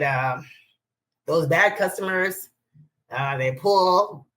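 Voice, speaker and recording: A woman's voice: fairly low pitch, slight background noise, low-quality recording. A woman in her forties from Pasadena, California, a former exotic dancer, telling stories in a casual chat and acting out the people she quotes, laughing often. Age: 40s. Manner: animated storyteller, acts out quoted voices, laughs often.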